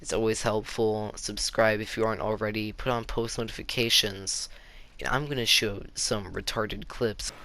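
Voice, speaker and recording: Gravelly teenage boy telling a story. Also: lowish voice, little pitch movement, moderate pace, bright, forceful tone. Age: teens. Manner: rambling, heavy on "like" fillers. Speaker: YouTuber. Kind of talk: casual story time.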